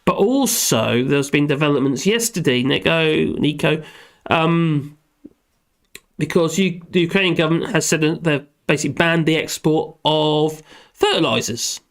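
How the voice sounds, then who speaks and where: A man with a slightly high voice chats through a live stream from his desk. He rambles with plenty of fillers, reads viewer comments aloud and answers them in a loose, easygoing way. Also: moderate pace. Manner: rambling, chatty, with fillers, talking to his dog between comments.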